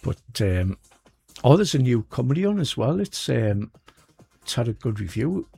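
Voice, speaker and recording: A man's voice: medium pitch, big pitch swings, normal speed, vocal fry, mellow, husky, no room sound, faint music behind. A man co-hosting a radio show, chatting casually and rambling with lots of fillers. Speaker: radio co-host. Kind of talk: casual chat.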